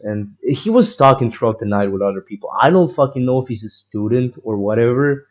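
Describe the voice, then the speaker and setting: A man's voice: mid-range voice, a little fast, few pauses, a little mellow. A young man telling a long personal story in a rambling, profane way, full of fillers and restarts. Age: young adult. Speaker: vlogger.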